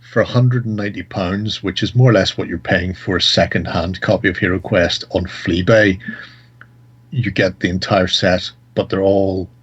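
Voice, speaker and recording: A man's voice: low voice, a bit bright, slightly rough, dull audio. A man co-hosting a casual hobby video chat, enthusiastic and joking. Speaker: co-host.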